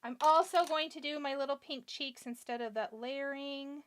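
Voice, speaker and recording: A woman's voice: high-pitched, normal speed. A woman hosting a live craft tutorial, chatting about her steps, teasing herself over small slips and answering viewer comments. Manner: chatty and self-deprecating, talking to herself as she works. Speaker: crafting livestream host.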